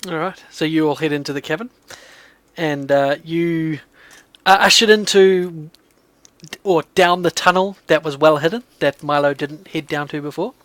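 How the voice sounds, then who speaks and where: A man running a tabletop game as game master, narrating casually with plenty of fillers. His voice sits a little high and sounds dry and close to the mic. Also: normal speed, a bit bright, no room sound.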